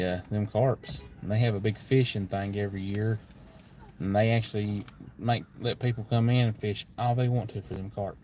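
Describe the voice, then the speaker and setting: A man's voice: fairly low pitch, a little mellow, slight background noise. Folksy Kentucky man chatting on a livestream. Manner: rambling, folksy, plainspoken. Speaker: livestream host. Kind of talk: casual live chat.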